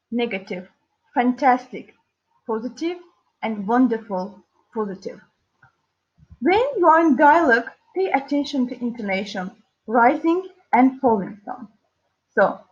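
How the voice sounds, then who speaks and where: Woman english teacher, high voice, slow careful talk, muffled lo-fi audio. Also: husky. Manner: slow, deliberate, with hesitant fillers. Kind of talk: classroom language lesson. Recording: dull lo-fi recording.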